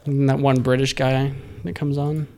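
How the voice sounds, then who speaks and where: A man co-hosting a podcast in loose, casual banter. His voice has a gravelly fry at a middle pitch. He is jokey, quick to laugh and fond of leading questions. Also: level tone, a little mellow. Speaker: podcast co-host.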